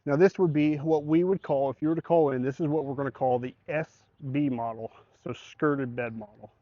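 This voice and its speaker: Speaking at a moderate pace in a mid-range voice with fairly even intonation, a man sells truck beds. His walkthrough is relaxed and conversational, with the specs laid out plainly. The audio sounds dry and somewhat dull.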